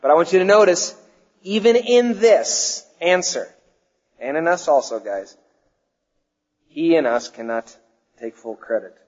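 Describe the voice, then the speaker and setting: Guy preaching a sermon, kinda high voice, goes loud then drops quiet, muffled church echo. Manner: emphatic preaching, swinging between loud declarations and hushed, slow questions. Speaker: pastor.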